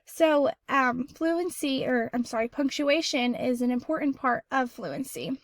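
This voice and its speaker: A woman teaching a recorded reading lesson, explaining clearly and reading example sentences aloud with expression. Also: high-pitched, expressive, measured pace, no echo.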